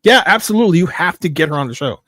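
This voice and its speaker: A man guest on a podcast, telling a story in a casual, animated way, swearing freely and stressing his points. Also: on the high side, rapid-fire.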